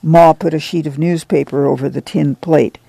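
Gravelly male audiobook narrator. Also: fairly high pitch, fairly even intonation, moderate pace, dark tone, dry recording. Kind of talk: scripted narration.

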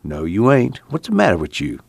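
A man's voice: on the low side, wildly swooping pitch, brisk, creaky, darkish tone, no room sound, studio quality, voice pushed up, heavily acted. A man voicing a blunt, practical young man in an audiobook reading. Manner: curt, matter-of-fact.

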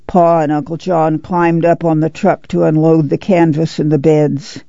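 A man narrates an audiobook with a heavily gravelly, mellow voice. His delivery is slow, and the recording is dry and a bit dull. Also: a little high, flat delivery, no echo. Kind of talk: scripted narration.

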